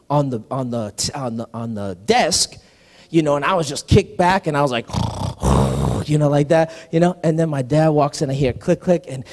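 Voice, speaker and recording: A male senior pastor telling a personal story in a conversational sermon, animated, often saying "listen" and restarting phrases. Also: fairly high pitch. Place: church sanctuary. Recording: live sermon in a reverberant hall.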